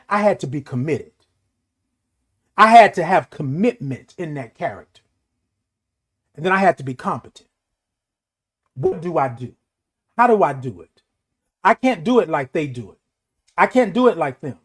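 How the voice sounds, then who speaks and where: A man's voice: high voice, sing-song, moderate pace, long pauses. A middle-aged man hosting a morning show, giving a motivational talk in an emphatic, repetitive preaching cadence. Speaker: host.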